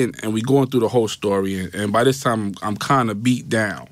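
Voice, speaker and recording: A man's voice: on the low side, fairly quick, few pauses, dry recording. A man with a New York accent, a guest on a podcast, telling a personal story in a loose, repetitive way and acting out the voices of people in it. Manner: storytelling, acts out quoted voices, repeats "right?". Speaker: interview guest. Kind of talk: recounting a personal story in an interview. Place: podcast studio. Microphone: studio mic.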